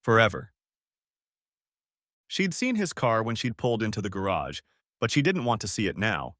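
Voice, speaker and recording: A man narrating an audiobook story in a dramatic, expressive reading. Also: on the low side, brisk, no room sound, studio quality.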